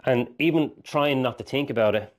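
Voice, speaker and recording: A man with a mid-range voice speaks at a moderate pace directly to camera as a mindset coach. He's earnest and rambling, often acting out inner voices.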